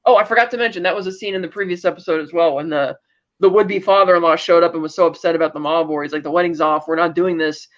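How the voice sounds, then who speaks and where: A man with a fairly high voice talks through a show's plot in an easygoing, rambling way. He paraphrases the characters' lines and brushes past details with "blah, blah, blah." The audio is dull and slightly lo-fi. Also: rapid-fire, fairly bright tone. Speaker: podcast co-host. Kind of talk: casual chat recapping a TV episode.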